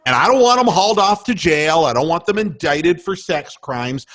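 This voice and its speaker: A man with a slightly high, somewhat bright voice hosts a radio show, launching into a heated political rant full of profanity. He is animated and indignant at a moderate pace, and as he gets worked up he stumbles, restarts and repeats himself for emphasis.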